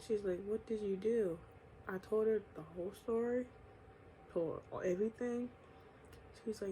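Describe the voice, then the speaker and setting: A woman's voice: medium pitch, fairly even intonation, moderate pace, mellow, slight background noise. A woman from New York telling a candid, slangy storytime vlog, swearing often and laughing between lines. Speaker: vlogger.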